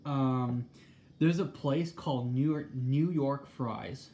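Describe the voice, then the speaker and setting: A man in casual talk, reading a recipe aloud and musing in a halting way as he thinks out loud. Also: mid-range voice. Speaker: host. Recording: echoey room with faint background noise.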